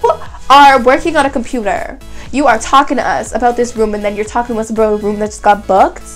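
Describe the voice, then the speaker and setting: A young woman from Canada telling a casual storytime vlog, animated, with lots of "like" and voiced quotes of other people. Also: on the high side, fast, soft background music, poor audio. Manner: animated retelling, heavy use of "like", voices other people's lines. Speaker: vlogger.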